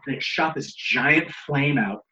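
A man's voice: mid-range voice, measured pace, bright, forceful tone, muffled recording, slight background noise. Profane, laughing man telling wrestling stories. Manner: profane, laughing, acts out others' lines. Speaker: guest, pro wrestler. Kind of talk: casual storytelling.

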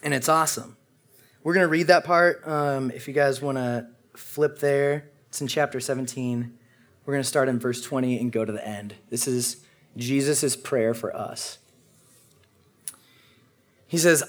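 A man's voice: mid-range voice, unhurried. A young man giving a casual, joking sermon, talking to the room like friends and acting out people murmuring along. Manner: conversational and humorous, imitates congregants' murmurs. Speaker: preacher.

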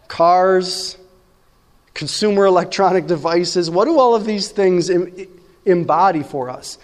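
A man's voice: sits high, darkish tone, in a large hall. A man preaching a sermon as pastor, talking conversationally and often asking his listeners "right?".

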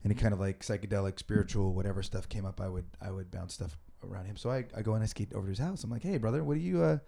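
A man's voice: low-pitched, racing, vocal fry, dark tone. A man, in his forties, telling a rambling story in a laid-back, casual conversation. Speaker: podcast host.

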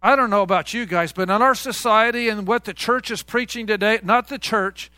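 A man's voice: sits high, brisk, bright, forceful tone, smooth, no echo, clean studio sound. A man preaching a sermon as pastor, conversational, calling out questions to the congregation. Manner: conversational, call-and-response with congregation.

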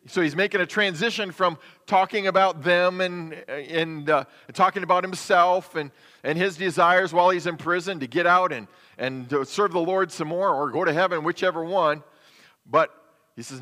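A male pastor delivers a sermon in an easy, conversational way, tossing rhetorical questions to the congregation. His voice sits high and sounds bright and forceful. It rings with a long reverb through a church sanctuary. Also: expressive, normal speed.

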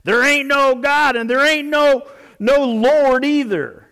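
A man voicing a grouchy old male neighbor yelling over the fence with a gruff, folksy drawl. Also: very high-pitched, takes it slowly, voice pushed up, exaggerated voice.

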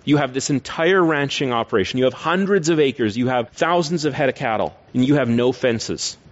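A blunt, opinionated farmer from Canada questions another man's methods in open disbelief, as a preacher plays him in his own voice. The voice sits at a medium pitch, and the recording is a little dull. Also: lively intonation, a little fast, lightly acted. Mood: incredulous.

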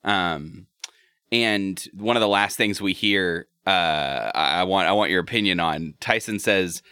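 A man co-hosting a podcast in casual chat, animated, laughing often and swearing. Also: sits low, measured pace, smooth, dry recording, studio quality. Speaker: podcast co-host.

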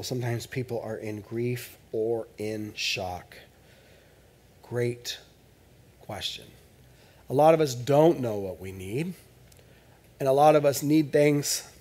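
A male pastor preaching a sermon in church in a conversational, joking way, swinging between loud bursts and hushed asides. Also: on the high side.

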